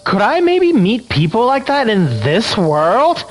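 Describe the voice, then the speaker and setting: A man's voice: very high-pitched, big pitch swings, measured pace, pitched above the performer's own voice, full character voice, low-quality recording. A man voicing an anxious young woman lost in a strange world, reading game text in a put-on Valley Girl accent with rising, upswinging lines.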